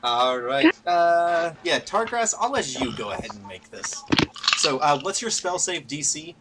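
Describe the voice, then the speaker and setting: A man narrating a tabletop game as game master, telling the story in an animated way. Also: on the high side, measured pace, noisy background.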